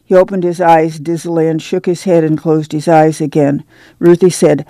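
A woman reading a novel aloud on a radio book program in a measured storytelling way. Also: low voice, little pitch movement, warm tone, no echo. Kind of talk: scripted narration.

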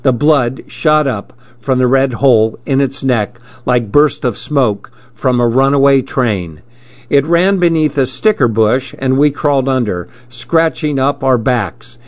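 A man with a medium-pitched voice narrates a story in a measured, steady reading style. The recording is dry and has a dull, lo-fi quality.

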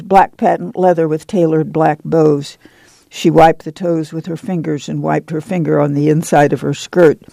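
Gravelly high-voiced male narrator. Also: dark tone, no room sound. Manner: slow, measured storytelling. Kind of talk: audiobook narration.

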